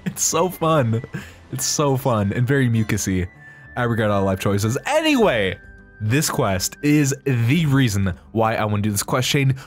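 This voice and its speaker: A man hosting a let's play, giving excitable, jokey game commentary. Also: medium pitch, a little slow, soft background music.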